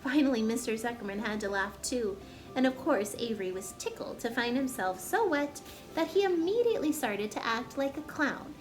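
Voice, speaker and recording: A woman storyteller reading a children's chapter book aloud with gentle, expressive narration. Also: on the high side, normal speed, soft background music.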